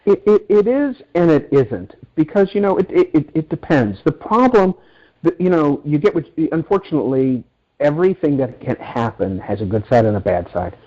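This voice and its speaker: A middle-aged man with a slightly higher voice talks as a guest author, launching into stories with quick stumbles and repeated words. His sentences restart often before they gather speed. The audio sounds dull and lo-fi. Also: lively intonation, dark tone. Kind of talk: interview storytelling.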